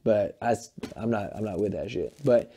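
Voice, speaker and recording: A man in his late twenties, a musician being interviewed, talking in an animated, rambling, profane way and acting out what other people say. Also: fairly low pitch, normal speed, husky. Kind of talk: candid interview talk.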